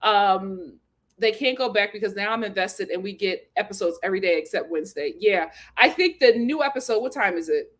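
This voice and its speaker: A woman hosting a casual recap chat, reading viewer comments aloud, animated and exclamatory with frequent laughter. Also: mid-range voice, fairly quick. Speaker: host of a reality TV recap channel.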